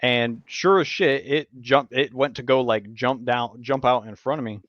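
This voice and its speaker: A man hosting a podcast, telling stories in casual chat, animated and profane, acting out what people said. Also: mid-range voice, moderate pace, no room sound, lo-fi sound. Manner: animated storyteller, swears a lot, acts out quotes. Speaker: podcast host.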